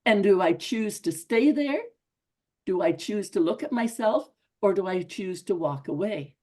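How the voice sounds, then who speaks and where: A woman's voice: medium pitch, animated, unhurried, mellow. A middle-aged woman giving an earnest, conversational motivational talk to a group, often repeating herself for emphasis. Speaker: speaker at a women's club.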